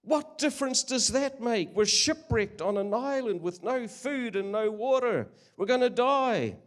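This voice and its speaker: A man voicing a panicking shipwrecked castaway in a story, yelling in a high, strained voice. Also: animated, unhurried. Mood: panicked.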